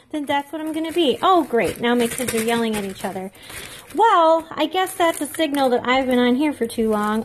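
A woman's voice: fairly high pitch, a little hiss or hum. A woman in her thirties chatting casually to camera while baking, rambling and self-deprecating, laughing often. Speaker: vlogger.

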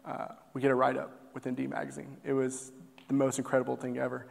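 A young man from Texas who owns a barbecue business earnestly tells a heartfelt personal story on stage, using plenty of fillers. His mid-range voice is monotone, fast, and creaky, with long hall reverb on the recording.

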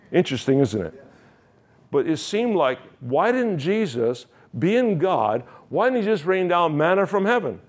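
A man, a pastor, preaching a sermon with emphatic, repeated phrases and rising questions. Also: on the high side.

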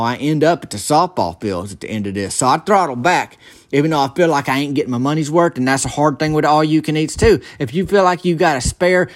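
A young man telling a rambling comic story in a folksy, halting way, full of restarts. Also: medium pitch.

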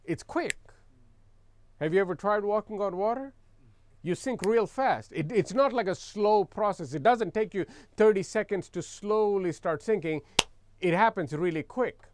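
A man's voice: high voice, moderate pace, darkish tone, a little hiss or hum. A man preaching a sermon as pastor, reading scripture aloud and explaining it with emphatic repetition, leading the congregation in call-and-response.

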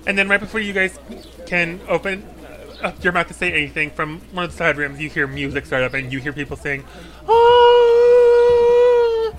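A man's voice: fairly high pitch, fairly even intonation, fast talker, pushed and bright. A man narrating as dungeon master, describing scenes in a loose, rambling way with fillers. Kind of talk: narrating a tabletop game.

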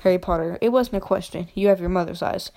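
A woman voicing a soft-spoken, eerie old male wandmaker while reading a storybook aloud. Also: lowish voice, quick pace, natural voice.

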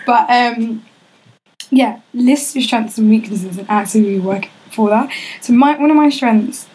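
A woman's voice: fairly high pitch, a little slow, darkish tone, slight background noise, poor audio. A young woman co-hosting a podcast in casual, slangy chat, laughing often and swearing freely. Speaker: podcast co-host.

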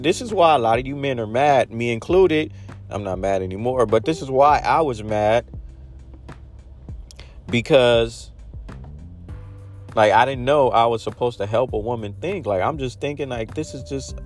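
A man in a casual monologue giving blunt dating advice, acting out little scenes as he goes. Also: medium pitch. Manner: blunt, animated storytelling with acted-out quotes.

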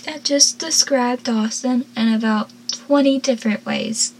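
Teen girl, higher voice, giggly and chatty, lots of "like", faint hum behind. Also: fairly even intonation, unhurried, a little mellow. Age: teenager. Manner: giggly, chatty, many "like" fillers. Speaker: TV episode recapper. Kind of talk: casual recap commentary.

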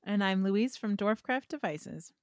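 A woman's voice: mid-range voice, lively intonation, a little slow, no echo, studio quality. A woman with a Wisconsin accent, a guest on a podcast, chatting casually and laughing often. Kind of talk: casual chat.

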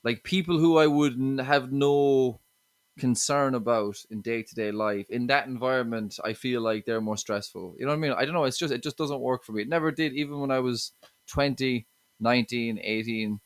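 Rambling Irish comedian, dry and close. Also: male voice, mid-range voice, normal speed, no echo. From Limerick, Ireland. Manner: rambling, with frequent restarts and 'you know what I mean'. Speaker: stand-up comedian guest. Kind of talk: casual podcast chat.

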